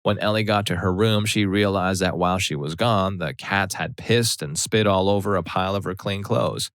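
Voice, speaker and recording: A man narrating a Reddit story aloud in a plain, steady telling. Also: sits low, moderate pace, dry recording.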